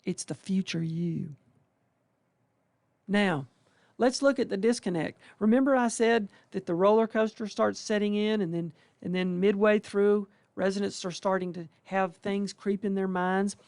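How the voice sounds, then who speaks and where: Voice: mid-range voice, a little slow, a little mellow, no room sound. A residency faculty member giving a folksy, conversational welcome talk to new interns, now and then acting out the residents' thoughts. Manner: folksy and conversational, with colloquial exclamations; acts out residents' inner thoughts.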